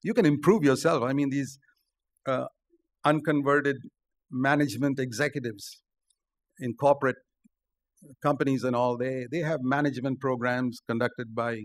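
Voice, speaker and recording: An older man preaching a sermon, emphatic, rising on key points and dropping low. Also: fairly even intonation, normal speed, pauses often. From India. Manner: emphatic, rises to stressed points then drops low.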